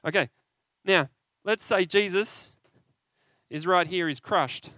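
A man preaching an interactive sermon, animated and conversational, often asking his listeners questions. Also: high voice, slow pace, no echo.

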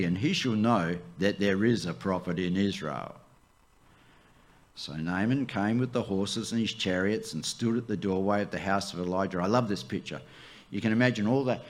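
Male pastor, sermon, animated delivery, rises high then sinks soft. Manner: animated preaching, swooping up for emphasis and dropping to a hush.

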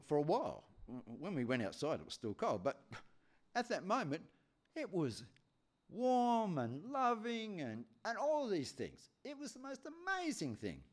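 A man delivers a sermon as an animated storyteller. His voice rises and falls widely. He piles up repeated phrases for effect. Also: fairly high pitch. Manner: animated storyteller with many repetitions. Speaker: preacher.

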